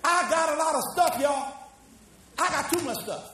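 A pastor preaching a sermon, building to shouts and calling the congregation to read along. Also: male voice, extremely high pitch, moderate pace, a little hiss or hum. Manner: preaching with rising shouts and call-and-response. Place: church. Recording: echoey church hall from far off.

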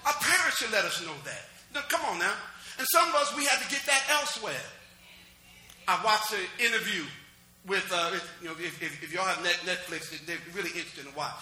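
A man's voice: high voice, expressive, fairly quick, pushed and bright, echoey room. A middle-aged man preaching a sermon in a conversational style, calling out to the congregation. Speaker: pastor.

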